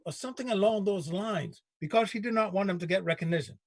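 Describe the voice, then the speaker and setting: A man hosting a talk show, arguing politics in an animated, emphatic way and repeating himself. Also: sits high, a little fast, hardly any pauses, breathy edge, no room sound, clean studio sound. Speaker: show host. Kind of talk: heated political debate.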